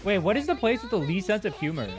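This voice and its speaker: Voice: mid-range voice, sing-song, fast, slight background noise. A young adult game streamer from California, chatting casually with chat while playing and swearing freely.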